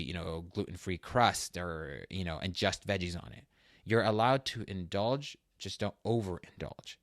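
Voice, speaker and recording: Guy w a lowish voice giving a heartfelt fitness pep talk, gets fired up, dry close sound. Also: no room sound. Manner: earnest and emotional, gets loud and worked up retelling a struggle. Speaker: fitness podcast host. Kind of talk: personal motivational talk.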